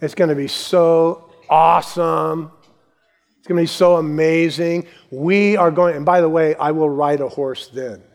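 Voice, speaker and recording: A male pastor preaching a sermon, building to emphatic lines and then dropping to soft asides. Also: on the high side, fairly even intonation, a little slow. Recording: long hall reverb.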